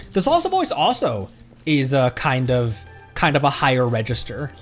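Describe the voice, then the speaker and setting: A man streaming a video game, chatting casually and thinking aloud as he plays, often breaking off mid-sentence. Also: mid-range voice. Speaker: VTuber streamer. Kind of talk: casual gameplay chat.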